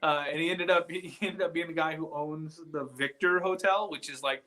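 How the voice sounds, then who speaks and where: A high-ish, bright, edgy-toned man tells stories in an excitable, rambling way. He is a guest investigator calling in live from inside an old building at night. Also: moderate pace. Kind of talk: casual live chat from an investigation site.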